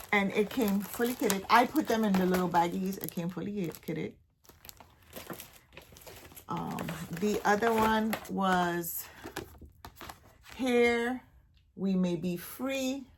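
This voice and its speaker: A woman with a Caribbean accent talks casually to her camera at home. Her delivery is chatty and loose, full of restarts and trailing thoughts, and she often drops to a soft, almost whispered voice. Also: mid-range voice, creaky, slight background noise. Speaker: cross-stitch vlogger. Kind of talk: casual show-and-tell chat.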